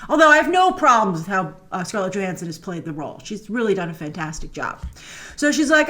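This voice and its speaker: A woman's voice: fairly low pitch, big pitch swings, brisk, a bit bright. A woman hosting a film review show, chatting enthusiastically through a trailer breakdown with frequent fillers. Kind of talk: casual trailer breakdown commentary.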